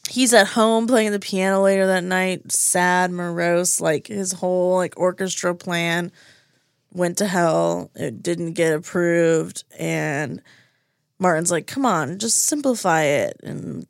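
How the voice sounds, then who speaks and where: A woman's voice: fairly low pitch, flat delivery, slow, vocal fry, smooth, dry recording. A woman co-hosting a podcast, animatedly retelling a TV episode and acting out the characters' lines with casual swearing, recorded in a studio. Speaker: podcast co-host.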